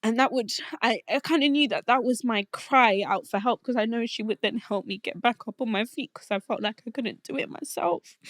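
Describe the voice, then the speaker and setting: A young adult woman telling a personal faith testimony in a heartfelt, halting way, often restarting her sentences, and getting emotional. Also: fairly high pitch, dry recording, clean studio sound. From Colombian family roots. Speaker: podcast guest.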